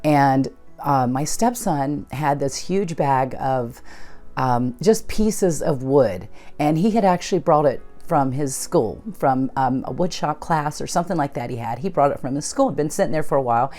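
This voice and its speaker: A woman's voice: rumbling low, lively intonation, normal speed, warm tone, faint music behind. A woman host telling a personal story in a conversational way, recounting events and acting out what people said. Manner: conversational, retells events with quoted dialogue. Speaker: channel host.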